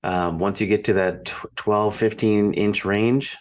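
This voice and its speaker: A man's voice: fairly low pitch, steady tone, a little slow. A man with a Minnesotan accent hosting an interview, asking playful questions in a casual way. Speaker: podcast host.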